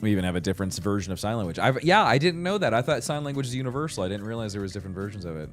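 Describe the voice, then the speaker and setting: A man's voice: lowish voice, sing-song, very fast, soft background music. A man in his thirties hosting a livestream, chatting casually with lots of fillers, restarts and laughs. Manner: rambling, many fillers and restarts, laughs often. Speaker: livestream host. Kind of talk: casual chat with chat readers.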